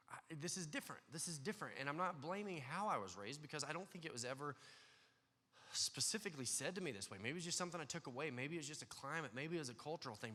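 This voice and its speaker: A male pastor preaching a sermon, earnest, dropping to a hush and then rising loud and excited. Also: mid-range voice. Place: church sanctuary. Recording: church hall with long reverb.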